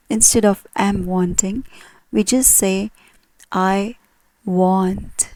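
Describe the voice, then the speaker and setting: A woman's voice: medium pitch, fairly even intonation, slow pace, dark tone, no echo. A woman teaching an English grammar lesson, explaining carefully and asking her viewers questions.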